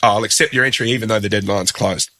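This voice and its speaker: A man's voice: on the low side, steady tone, fast talker, pushed and bright. A man voicing an incredulous, jovial radio producer who repeats questions back in amazement.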